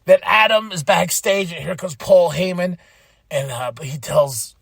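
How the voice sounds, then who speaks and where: A man hosting a podcast, excitedly recapping a wrestling show in casual chat, laughing and swearing freely. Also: high-pitched, unhurried, gravelly, slightly rough, no room sound. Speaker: podcast host.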